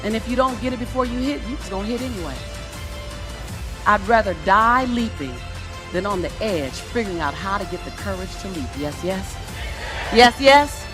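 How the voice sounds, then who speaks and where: A woman's voice: mid-range voice, brisk. A woman giving a motivational speech to a live audience, emphatic and punchy with short commands. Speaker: motivational speaker. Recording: speech over loud backing music.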